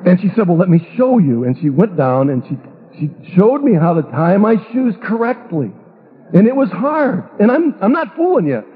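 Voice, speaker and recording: A middle-aged man who pastors tells a funny story at his own expense, testimony-style, over a tinny radio broadcast that sounds like a phone line. He talks at a moderate pace in a high voice that swings widely in pitch.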